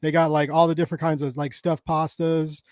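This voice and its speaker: Lively man chatting, higher voice. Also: brisk, dry recording, clean studio sound. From United States. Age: 30s. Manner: rambling, laughing, full of fillers and restarts. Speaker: co-host. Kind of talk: casual chat.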